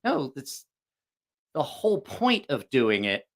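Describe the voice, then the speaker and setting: A man's voice: on the high side, big pitch swings, normal speed, pushed and bright. A man hosting a knife review channel, chatting casually on a stream, rambling and frank, swearing freely, with many restarts. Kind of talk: casual live-stream chat.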